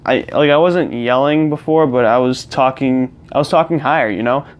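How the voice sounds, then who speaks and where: A man's voice: medium pitch, moderate pace, highs cut off. A young man chatting casually as a gaming vlogger, rambling with many fillers and restarts, recorded on a clip-on lapel mic plugged into his phone. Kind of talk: casual chat to camera while gaming.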